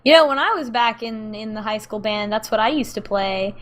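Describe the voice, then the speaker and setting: A woman's voice: a little high, brisk, fairly bright tone, close to an everyday voice. Woman playing an awkward, folksy dad. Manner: earnest, awkward small talk. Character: awkward, folksy middle-aged father driving a tow truck.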